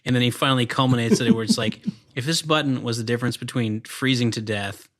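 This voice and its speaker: A man's voice: medium pitch, steady tone, fast talker. A man from Louisiana co-hosting a casual movie podcast, talking with enthusiasm and joking around. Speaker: podcast co-host.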